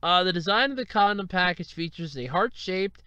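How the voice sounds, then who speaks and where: A high-pitched man hosting a solo podcast, his voice swinging widely as he talks. He sounds bright and clean, close and dry, and keeps cracking up with laughter as he speaks in an exaggerated, self-mocking way. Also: normal speed, smooth, dry recording. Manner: keeps breaking into helpless laughter while talking; animated, exaggerated and self-deprecating. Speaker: podcast host.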